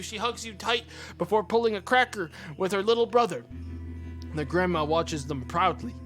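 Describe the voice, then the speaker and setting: A man's voice: sits high, normal speed, fairly bright tone, soft background music. A man streaming a narrative game, reading its narration aloud and ranting profanely at it between lines. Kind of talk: casual let's play commentary.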